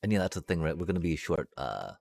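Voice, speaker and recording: A man's voice: rumbling low, big pitch swings, quick pace, vocal fry, darkish tone. A man live-streaming a block-building game, thinking aloud to his chat and humming little sound effects as he works. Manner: addresses chat, muttering and trailing off. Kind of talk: casual live-stream commentary while building.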